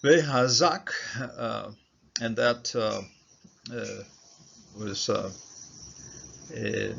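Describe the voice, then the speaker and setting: A man teaching a Bible passage word by word in a halting, informal way, sounding out Hebrew words and checking in with "okay?" after each point. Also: lowish voice, vocal fry. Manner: halting, many fillers and repeated "okay?" checks. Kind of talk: informal verse-by-verse lesson. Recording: dull, lo-fi recording with faint noise.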